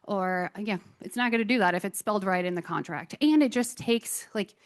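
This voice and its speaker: A woman presenting a conference talk on software tools, chatty and enthusiastic with self-deprecating asides. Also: mid-range voice, brisk.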